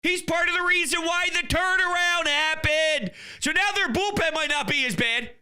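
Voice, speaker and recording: High, sharp-voiced ranting sports host. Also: male voice, normal speed. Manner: heated, exasperated ranting with bursts of shouting.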